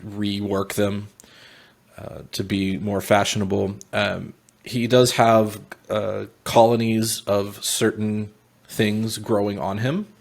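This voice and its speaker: Slow, gravelly-voiced man. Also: fairly low pitch, level tone. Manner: halting, many fillers and restarts. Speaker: player. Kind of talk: describing his character in a tabletop game.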